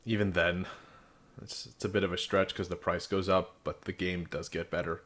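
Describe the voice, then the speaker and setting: A man with a notably deep voice talks through a video game review in a casual way. He is frank and sarcastic, and he slips in dry jokes. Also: flat delivery, moderate pace, a bit bright.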